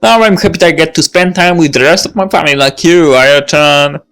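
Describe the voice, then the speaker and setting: A woman voicing a gentle, fond old grandfather while reading a visual novel aloud. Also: sits low. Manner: slow, fond, grandfatherly delivery.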